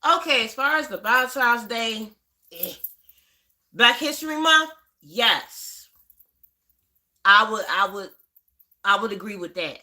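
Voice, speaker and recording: A woman's voice: on the high side, animated, takes it slowly, long pauses, pushed and bright. A middle-aged woman hosting a casual livestream, chatty, greeting viewers by name and repeating herself. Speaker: livestream host.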